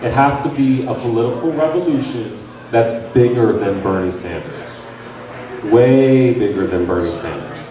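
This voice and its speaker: A man's voice: mid-range voice, moderate pace. A young man giving a casual, jokey training talk to a crowd in a bar lounge, recorded by a camera from some distance. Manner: animated, jokey, conversational. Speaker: campaign volunteer trainer. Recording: very echoey room from far off.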